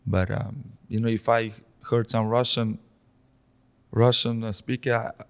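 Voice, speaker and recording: A man's voice: lowish voice, vocal fry. A man with a Slovenian accent, a podcast guest chatting casually with frequent restarts. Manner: relaxed, halting speech with many restarts.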